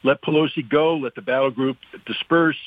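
A blunt, forceful man speaks over a tinny telephone line as a radio guest. He hammers his points home with emphasis, in a mid-range voice. The line is dry, with no room sound around it. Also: medium pitch, normal speed, no room sound. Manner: blunt, emphatic, acts out quotes in mocking voices. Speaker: guest analyst, former weapons inspector. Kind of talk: radio call-in commentary. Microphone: phone line.

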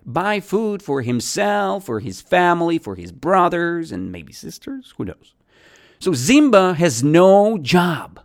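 An English teacher running a lesson, asking questions and answering them, repeating key words, with non-native grammar. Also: medium pitch.

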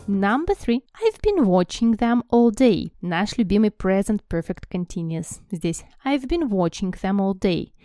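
A woman's voice: medium pitch, sing-song, unhurried, few pauses, dark tone, no echo, soft background music. A woman teacher explaining English grammar and translating, addressing her students as guys. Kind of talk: language lesson, explaining and translating.

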